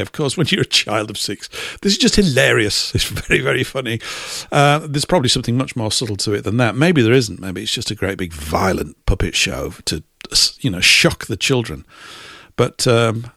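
A man's voice: medium pitch, a bit bright, dry recording, studio quality. A man hosting a casual podcast chat, talking in a chatty way, laughing often and reading out viewer comments. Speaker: host.

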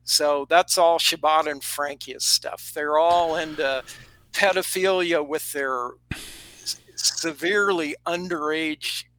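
A man's voice: a little high, steady tone, fairly bright tone, low-quality recording. A man co-hosting a studio talk show, rambling through claims one after another. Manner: rambling, rapid-fire claims. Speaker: co-host. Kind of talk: casual chat.

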